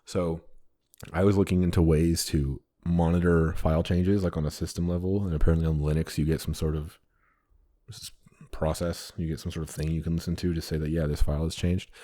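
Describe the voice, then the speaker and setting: Very low-voiced man in casual tech chat. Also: flat delivery, a little fast, warm tone. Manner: casual, swears, rambling with restarts. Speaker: podcast co-host, developer.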